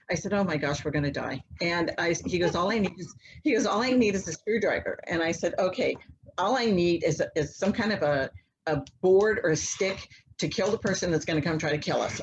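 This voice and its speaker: A woman guest telling a long personal story in a casual, animated way, acting out the voices of people in it. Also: fairly low pitch, lo-fi sound, slight background noise. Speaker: interview guest, mother.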